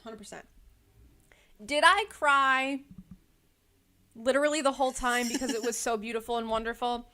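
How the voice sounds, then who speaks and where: A chatty young woman co-hosting a casual podcast. Her voice sits a little high, and her talk runs loose and rambling, full of likes and ums. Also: steady tone, normal speed, pauses often, sharp tone. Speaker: podcast co-host. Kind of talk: casual chat.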